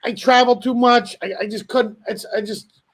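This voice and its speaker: A man's voice: extremely high pitch, moderate pace. A man, a comedian guest, telling stories in casual podcast banter, swearing freely and voicing other people. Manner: profane, animated storytelling with voiced asides.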